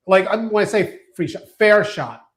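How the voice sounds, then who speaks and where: A man's voice: high-pitched, animated, normal speed. A man hosting a podcast, talking in loose, joking banter with many restarts. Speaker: show host. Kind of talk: casual podcast chat.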